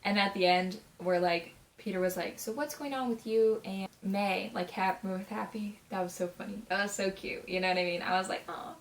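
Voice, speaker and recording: A nineteen-year-old woman chats through a movie review like she's talking to a friend. Her voice sits at a middling pitch, peppered with filler words and quick asides. She gushes, and every so often she bursts into a loud, high exclamation. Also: fairly even intonation. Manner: chatty, gushing, full of "like" and "you know what I mean". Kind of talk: casual vlog review.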